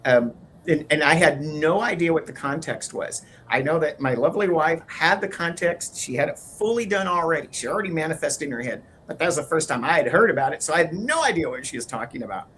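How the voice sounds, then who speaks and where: Halting man co-hosting a chat show. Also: fairly high pitch, expressive, a bit bright, a little hiss or hum. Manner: halting, repeats words and fillers. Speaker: podcast co-host. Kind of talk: casual conversational chat.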